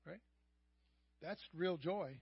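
High-voiced preacher, dull lo-fi sound. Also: male voice, takes it slowly, creaky, slightly rough, dry recording. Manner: swings from quiet asides to loud raised passages. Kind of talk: sermon. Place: church sanctuary. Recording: dull, lo-fi church live stream.

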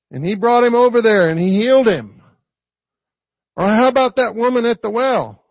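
A man's voice: very high voice, expressive, moderate pace, pauses often, no room sound, dull audio. A man preaching a conversational sermon in a folksy way, often checking in with a rhetorical "right?". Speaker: pastor.

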